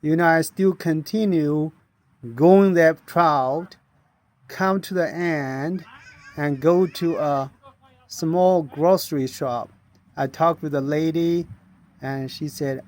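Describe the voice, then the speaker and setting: A man's voice: a little high, steady tone, slow pace, darkish tone. A middle-aged man earnestly telling a personal story in non-native English, acting out the voices of people he met. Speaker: inventor sharing his story.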